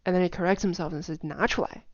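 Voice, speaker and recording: A woman with a fairly low voice talks through a casual lesson, singing strings of "da" syllables and repeating words rapidly to show pitch. She is chatty and peppers her speech with "like." The recording is dry and a little dull. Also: steady tone, dry recording. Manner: chatty, with many "like" fillers and soft asides. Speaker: language teacher.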